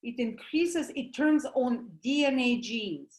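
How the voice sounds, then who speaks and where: A woman with a Russian accent gives a lively talk as a doctor, asking questions and answering them herself with homely comparisons. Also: on the high side, slow pace, roomy sound, low-quality recording. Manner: animated, uses homely comparisons, asks and answers her own questions. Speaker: doctor promoting supplements.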